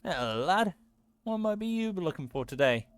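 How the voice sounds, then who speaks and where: A man puts on a burly bearded brawler from a video game, friendly and folksy, who calls people lad. The voice sits a little above his usual pitch and is read with plain, homely warmth of manner. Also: very animated, moderate pace, clear, resonant tone, no echo. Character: gruff bearded male brawler trainer, friendly.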